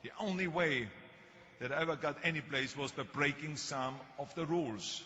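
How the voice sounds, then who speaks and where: A man's voice: fairly high pitch, moderate pace, bright, forceful tone. An older man with a German accent giving a motivational speech, telling stories in an emphatic, self-mocking way. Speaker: motivational speaker. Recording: long hall reverb, faint ambience.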